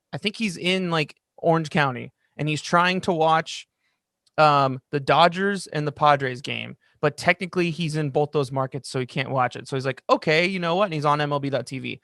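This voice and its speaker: A young man co-hosting a podcast, talking in an excited, rambling way and telling stories. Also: a little high, no echo, studio quality. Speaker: podcast co-host. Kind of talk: casual chat. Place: lives in Los Angeles.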